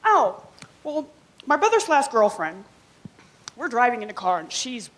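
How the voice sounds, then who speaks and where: A woman doing a first-time stand-up comedy set on a small club stage, talking in an animated way and giggling through her own jokes. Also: on the high side, measured pace.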